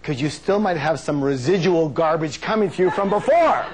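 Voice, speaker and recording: Animated man leading a live seminar. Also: moderate pace, a little hiss or hum. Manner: energetic call-and-response with the audience; playful, acts out quotes in high silly voices. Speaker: motivational seminar speaker. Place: stage before a live audience.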